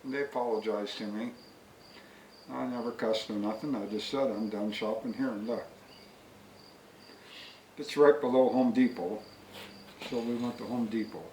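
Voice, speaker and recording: A man's voice: mid-range voice, steady tone, moderate pace, pauses often, mellow, slight background noise. A man telling a rambling, folksy story before reviewing a product he bought, recorded outdoors with crickets faint behind him. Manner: folksy, long-winded. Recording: echoey, distant from the mic. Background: faint crickets and insects.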